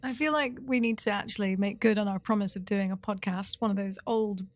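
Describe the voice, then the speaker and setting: A woman's voice: mid-range voice, a little fast. A woman co-hosting a podcast in casual, teasing banter, laughing easily. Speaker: podcast co-host. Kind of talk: casual chat.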